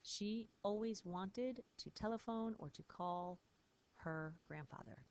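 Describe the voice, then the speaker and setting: A woman's voice: mid-range voice, takes it slowly, a little mellow, muffled recording. A woman teacher patiently explaining French phrases in a recorded lesson, spelling words out.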